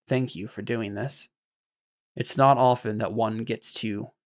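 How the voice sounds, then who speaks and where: A man voicing a solemn, knowing alien, speaking slowly and quietly in measured phrases. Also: medium pitch, no echo, studio quality.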